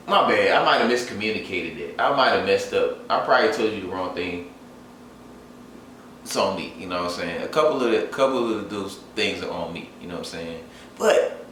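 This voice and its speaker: A young man with a low, deep voice tells a rambling fan story, heavy on fillers. He sounds far from the mic in a very echoey room, with faint noise behind him. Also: lively intonation, a little fast, a bit bright. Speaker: sports fan vlogger. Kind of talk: casual storytime and game recap.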